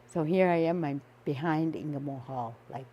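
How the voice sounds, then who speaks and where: A woman's voice: sits low, normal speed, mellow, slight background noise. An older woman from the Northwest Territories of Canada, casually telling a personal story and laughing often as she goes. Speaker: storyteller guest.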